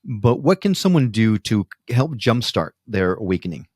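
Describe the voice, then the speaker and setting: A man's voice: fairly low pitch, sing-song, moderate pace, a little mellow, husky, no echo, studio quality. A man hosting a podcast interview, asking questions in a friendly, inquisitive manner. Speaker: podcast host.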